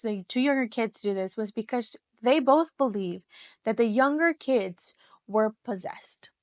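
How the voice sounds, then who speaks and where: Woman podcast host, casual true-crime chat, rambly, fairly high voice, dry close sound. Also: no room sound. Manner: chatty, rambling, full of "like" and restarts.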